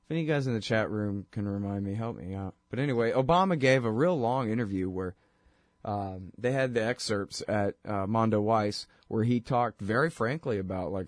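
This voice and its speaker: A man's voice: on the low side, moderate pace, no room sound, studio quality. A man hosting a political talk show, talking casually and rambling, and he mocks voices when he quotes people. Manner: rambling and conversational, mocking voices when quoting.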